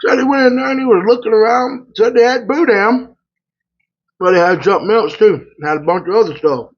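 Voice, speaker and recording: Rambling trucker telling stories over food. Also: male voice, high voice, fairly quick. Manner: rambling, colloquial, loose. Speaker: truck driver and vlogger. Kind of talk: casual storytelling while eating. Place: hotel room. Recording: slightly muffled lo-fi audio.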